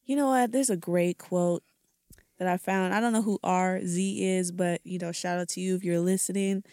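A woman's voice: fairly low pitch, fairly even intonation, moderate pace, warm tone, no echo, clean studio sound. A woman guest on a podcast, upbeat and affirming in casual chat.

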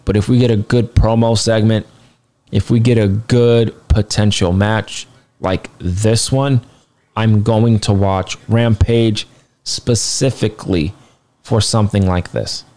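Man, lowish voice, casual wrestling review, blunt, swears, tired. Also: darkish tone. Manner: blunt, swears, rambling asides. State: tired, yawning.

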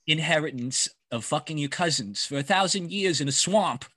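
A man's voice: on the high side, moderate pace, no echo, studio quality. A man co-hosting a casual comedy podcast, crude and joking as he tells family stories. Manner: crude, joking, animated storytelling.

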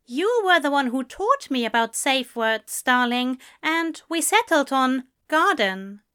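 A woman's voice: high-pitched, expressive, unhurried, bright, forceful tone, smooth, voice pushed up, full character voice. A woman voicing a genteel, fussy male angel who is fond and lightly teasing, in a read-aloud story. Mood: fond, prim. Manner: prim, affectionate, lightly teasing. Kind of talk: audiobook reading.

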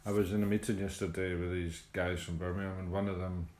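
A man's voice: low voice, little pitch movement, quick pace, a little mellow, a little hiss or hum. A man reads a daily recovery meditation, then chats reflectively with many fillers. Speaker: recovery group member. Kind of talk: reading a daily meditation, then casual chat. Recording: echoey room.

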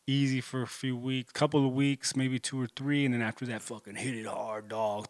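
Speaking at a moderate pace with few pauses, a man in his thirties from Corpus Christi, Texas vlogs solo in a relaxed, profane, filler-laden ramble. His medium-pitched voice has little pitch movement, and there's no echo.

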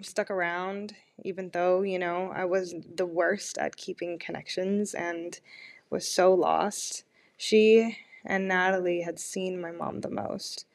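A woman in her twenties hosting a personal podcast, talking in a candid, rambling and self-mocking way. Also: fairly low pitch. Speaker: podcast host.

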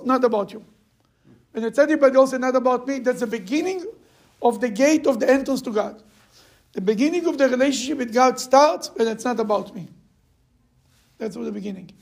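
Man, religious class teacher, husky, emphatic, repetitive. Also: extremely high pitch, darkish tone. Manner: emphatic, repeats phrases to drive points home; acts out quoted people in raised voices. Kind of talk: classroom lecture with stories.

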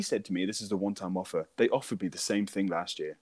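A man's voice: low voice, fast talker, few pauses, a little mellow, dry recording. A young British man telling a funny story in casual chat, swearing, laughing and mimicking voices.

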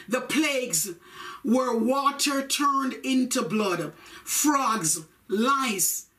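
Fervent woman preacher, shouting and chanting. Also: a little high. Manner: chanting, shouted declarations with sung phrases. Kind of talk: fervent sermon and prayer. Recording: voice picked up from a distance.

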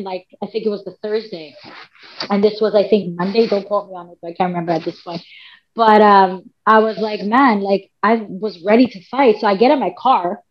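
A woman, a podcast guest telling a long story in casual chat, rambling with many fillers and quoted self-talk. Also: mid-range voice. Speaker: podcast guest, MMA fighter and coach. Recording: dull lo-fi podcast audio.

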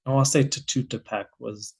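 A researcher with an American accent talks through their subject on a podcast in a mid-range voice. The delivery is animated and loose, full of restarts and thinking aloud. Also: medium pitch, brisk, gravelly, slightly rough. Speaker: guest researcher. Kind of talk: casual explanatory conversation.

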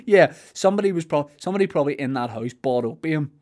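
A man's voice: fairly high pitch, animated, fast talker, a little mellow. A man with a Belfast accent chatting casually on a podcast, rambling and joking and acting out silly voices. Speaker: podcast host. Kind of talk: casual comedic chat.

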